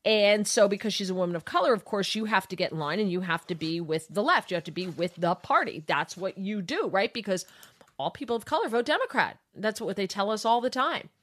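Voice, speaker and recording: A woman's voice: medium pitch, lively intonation, a little fast, fairly bright tone. A woman hosting a talk radio show, giving sarcastic, opinionated political commentary.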